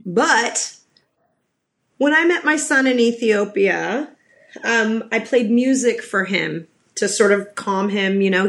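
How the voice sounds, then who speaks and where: A woman's voice: mid-range voice, a bit bright. A middle-aged woman, a podcast guest, chatting casually and telling stories with frequent restarts. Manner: chatty storyteller with many restarts. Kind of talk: casual interview chat.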